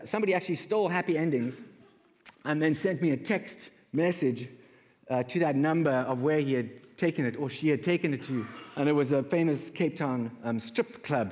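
A man from South Africa with a South African accent, telling humorous stories in a conference keynote and acting out callers' voices. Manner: humorous, acts out callers' voices with big pitch jumps. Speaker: conference speaker. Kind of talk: storytelling keynote talk. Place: large conference hall. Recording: long hall reverb.

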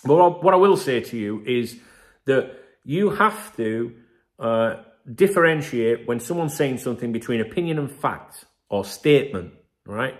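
A man's voice: medium pitch, lively intonation, measured pace. Chatty emphatic man. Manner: chatty, emphatic, keeps asking "right?", swears. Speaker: football channel host. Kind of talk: casual commentary to camera.

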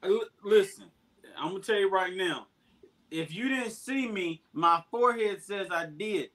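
Male streamer, high voice, rambling casual delivery over a laptop call. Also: unhurried, fairly bright tone, a little hiss or hum. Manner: rambling, laughing, spicy-food aftermath. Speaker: YouTube channel host. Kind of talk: casual livestream chat. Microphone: laptop or tablet on a video call.

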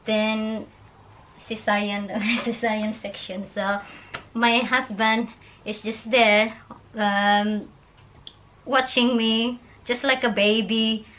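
A woman vlogger tells a story in a lively, broken, laughing way. Her voice sits fairly high. She chats casually. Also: slow, slight background noise. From Philippines. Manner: animated, laughing, broken phrasing.

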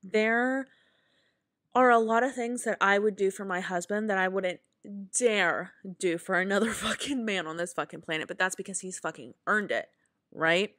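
A young woman hosts a solo podcast in a loose, heated rant, swearing freely and peppering her talk with fillers. Her voice sits in an ordinary middle pitch. The sound is dry and close, with no room around it. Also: normal speed, fairly bright tone, dry recording. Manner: heated, profane, emphatic; frequent fillers and asides. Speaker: podcast host.

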